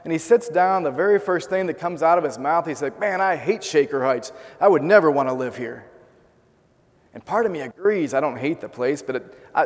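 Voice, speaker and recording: A man's voice: a little high, long reverb tail. A man preaching a sermon, telling a story in an earnest way and asking his listeners rhetorical questions. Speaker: pastor.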